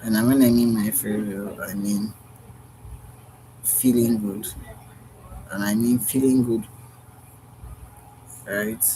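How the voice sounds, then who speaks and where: Man, mid pitch, slow, earnest and repetitive, clear traffic noise behind. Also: fairly even intonation, mellow, poor audio. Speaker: vlogger. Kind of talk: unscripted heartfelt monologue.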